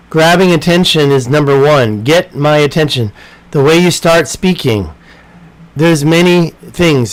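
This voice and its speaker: A man's voice: fairly high pitch, low-quality recording. A man teaching an informal online English lesson, rambling and talking to himself as he edits his slides. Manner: rambling, talks to himself while editing slides.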